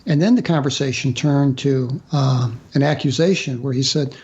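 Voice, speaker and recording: A man telling a personal story as a guest author in a radio interview, halting with fillers and restarts. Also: medium pitch, darkish tone, muffled recording.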